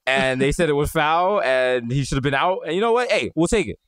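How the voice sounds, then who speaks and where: A man's voice: on the high side, animated, brisk, fairly bright tone, clean tone, no echo, clean studio sound. A man from the Bronx with a New York accent, co-hosting a podcast from home in loose, slangy, joking chat. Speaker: podcast co-host. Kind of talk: casual comedic chat.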